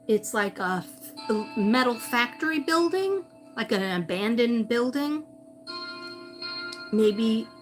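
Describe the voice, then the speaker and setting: A woman's voice: fairly high pitch, fairly bright tone. A woman psychic medium doing a livestream reading, calling out to a missing person and repeating his name as she searches. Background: music.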